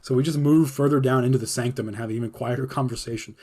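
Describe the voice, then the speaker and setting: A man with a husky, slightly breathy voice tells a long story in a casual stream. He swears freely and acts out the others' lines as he goes. His pitch sits in an ordinary middle range. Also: fast talker. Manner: profane, animated retelling with quoted dialogue. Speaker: podcast host telling a personal story. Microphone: streaming mic.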